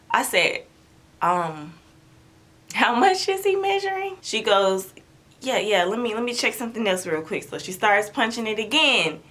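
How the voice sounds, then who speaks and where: A woman's voice: medium pitch, a little slow, pauses often, fairly bright tone. A young woman vlogger telling her own story in a chatty, dramatic way, acting out what people said. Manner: chatty, dramatic, acts out quotes. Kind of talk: animated storytelling to camera.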